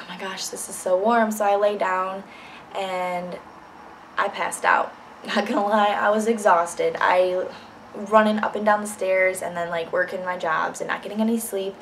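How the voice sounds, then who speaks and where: A woman's voice: medium pitch, fairly even intonation, moderate pace, a little hiss or hum, poor audio. A young woman telling a personal story in a casual vlog, blunt and candid, swearing freely. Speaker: vlogger.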